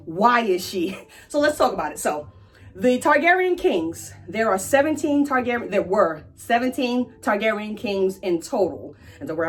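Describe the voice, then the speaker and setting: A woman's voice: medium pitch, breathy edge. A woman hosting a casual explainer, chatty and irreverent, who swears now and then. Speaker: pop-culture explainer host.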